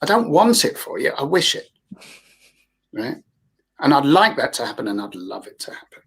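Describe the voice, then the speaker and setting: A man's voice: medium pitch, big pitch swings, moderate pace, gravelly, a bit bright, husky. A man with a London accent, a therapist talking through ideas in a casual group discussion, rambling and emphatic. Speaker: guest therapist.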